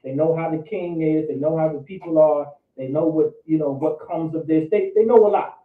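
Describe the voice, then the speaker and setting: A man's voice: fairly high pitch, normal speed. A man teaching a Bible study in a loose, slangy preaching style, often repeating words as he goes. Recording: echoey room, distant phone-like mic.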